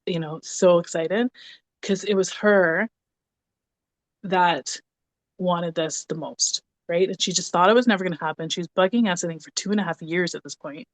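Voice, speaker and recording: Animated woman telling a story. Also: fairly low pitch, normal speed, no room sound. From Canada (Ontario). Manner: animated, acts out quoted dialogue. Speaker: podcast guest. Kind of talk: casual storytelling conversation.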